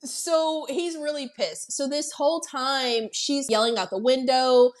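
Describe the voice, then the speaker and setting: A woman co-hosting a podcast, retelling a film scene in an animated, profane way. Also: high-pitched, measured pace. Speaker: podcast co-host. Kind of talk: casual film discussion.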